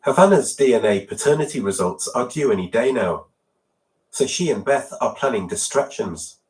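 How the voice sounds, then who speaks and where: A man giving scripted documentary narration in a lively storytelling manner. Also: medium pitch, normal speed. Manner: lively, even storytelling delivery.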